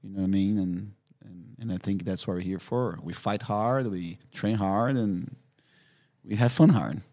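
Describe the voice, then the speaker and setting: A man with an English, his voice sitting a bit low. He tells stories as a podcast guest, animated and quick to laugh, padding his sentences with "you know what I mean". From Brazil. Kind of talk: casual storytelling.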